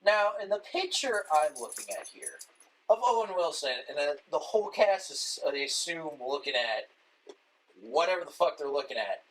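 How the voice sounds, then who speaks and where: Lively man in casual swearing chat. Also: fairly high pitch, normal speed, low-quality recording. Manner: swearing, joking, mimics others in short bits. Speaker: podcast co-host.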